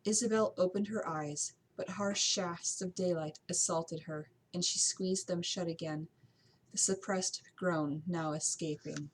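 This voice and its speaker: A woman narrating a novel as an amateur audiobook reading, steady with occasional slips and restarts. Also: fairly low pitch, measured pace, slight background noise, poor audio.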